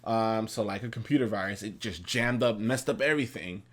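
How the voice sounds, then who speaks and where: A man's voice: lowish voice, fairly quick. Young male vlogger, easygoing and reflective, casual delivery. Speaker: vlogger and husband. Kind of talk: casual chat with his wife.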